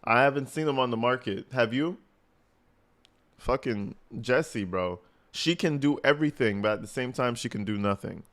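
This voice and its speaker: A man's voice: medium pitch, moderate pace. A man riffing in loose, profane reaction commentary. He mocks and jokes as he talks, in a mid-range voice with plenty of attitude. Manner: profane, mocking, animated. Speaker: commentary host.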